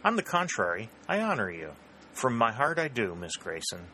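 A man reading the part of a smooth, bland male government secretary who speaks in even, silky tones. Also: mid-range voice, normal speed, a little hiss or hum.

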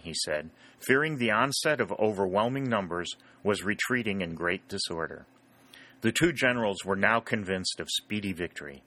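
Guy reading a novel aloud, steady and kinda low, bright voice. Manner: even, measured storytelling. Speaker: audiobook narrator. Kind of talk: scripted narration.

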